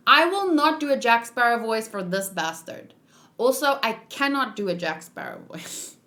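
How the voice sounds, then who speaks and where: A woman's voice: a little high, huge pitch swings, moderate pace, bright, forceful tone. A young woman reading a manga aloud with casual commentary, playful and giggly, making her own sound effects. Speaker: manga read-along host.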